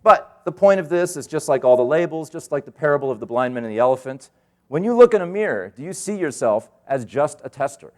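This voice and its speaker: A middle-aged man giving a conference keynote, telling stories in an animated way and acting out the voices of the people he quotes. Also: on the high side, brisk. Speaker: keynote speaker. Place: conference hall stage.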